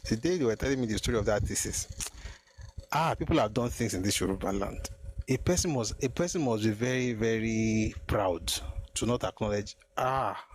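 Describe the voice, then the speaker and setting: A man's voice: fairly low pitch, moderate pace, a little hiss or hum. A man hosting a live stream, thinking aloud and restarting his sentences, slipping into Yoruba phrases. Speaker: host of a live history stream. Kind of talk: casual live-stream talk.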